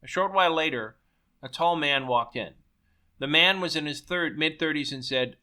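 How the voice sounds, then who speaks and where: A man reading his own story aloud in a brisk way, sometimes stumbling and restarting a word. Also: on the high side, pushed and bright. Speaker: story reader.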